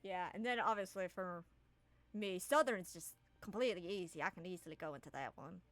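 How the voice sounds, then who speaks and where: A woman's voice: fairly low pitch, fairly quick, a bit bright. A woman game master narrating a tabletop game in a casual, rambling way with many fillers.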